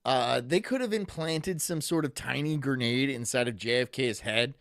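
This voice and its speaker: A man's voice: mid-range voice, moderate pace, a bit bright, no room sound, clean studio sound. A male streamer riffing casually and reading chat messages aloud in a rambling, joking way. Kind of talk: casual reaction commentary.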